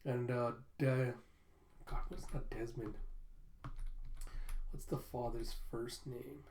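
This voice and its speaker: Man, reaction host, casual, rambling, swears, mid pitch, roomy echo. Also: steady tone, takes it slowly, darkish tone, slight background noise. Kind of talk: casual recap of a manga.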